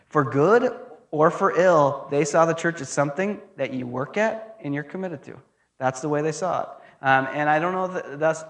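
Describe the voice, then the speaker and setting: A man in his thirties delivers a conversational lecture, mixing ideas with wry personal stories. His voice sits a bit high for a man. He talks in an animated, humorous way.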